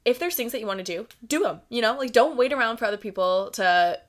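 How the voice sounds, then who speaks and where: A woman's voice: on the high side, animated, quick pace. A young woman from the United States hosting her own podcast, chatting casually with lots of "like" fillers and giggles. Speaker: podcast host. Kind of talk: casual solo podcast chat.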